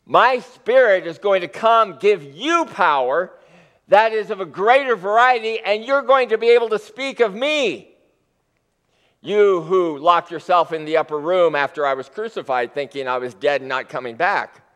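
Male pastor, sermon delivery, slightly high voice, lively storytelling, long hall reverb. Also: moderate pace. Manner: animated storytelling, acts out quotes with rising emphasis.

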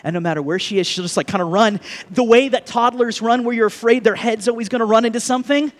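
A man in his thirties, a pastor, giving a conversational sermon with lively asides and jokes to the congregation. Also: very high voice, quick pace.

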